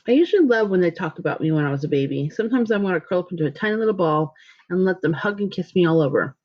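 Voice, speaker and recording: A woman reading a children's novel aloud with a clear, steady reading manner, as a teacher for her listeners. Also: lowish voice, racing. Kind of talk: storybook read-aloud. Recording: dull lo-fi recording.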